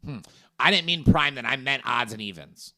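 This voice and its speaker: Animated man hosting a casual chat. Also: mid-range voice, normal speed, creaky, dry recording, clean studio sound. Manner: loose, laughing, slangy. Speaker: host. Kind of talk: casual chat reacting to clips.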